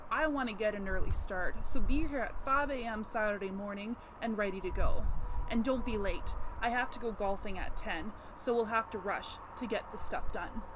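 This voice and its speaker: A woman voicing a pushy, demanding neighbor in an acted role-play, scolding loudly and ordering him around. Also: medium pitch, lively intonation, moderate pace, background noise, natural voice. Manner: loud, scolding, domineering.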